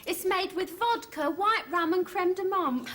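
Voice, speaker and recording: Gossipy neighbour. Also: female voice, very high voice, unhurried, a bit bright. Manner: nattering, bubbly, gossipy. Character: chatty, gossipy suburban female neighbour. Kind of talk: studio sitcom acting.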